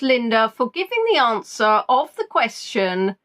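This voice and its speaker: A woman's voice: a little high, big pitch swings, measured pace, a bit bright. A woman hosting a live online quiz, reading out players' answers and teasing them playfully. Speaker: quiz host.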